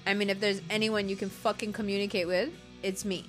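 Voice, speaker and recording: A woman's voice: mid-range voice, flat delivery, fairly quick, soft background music, natural voice. A woman acting out a furious woman who leaves a cutting, profane, sarcastic voice note for a cheating lover. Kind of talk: acted voice-note rant.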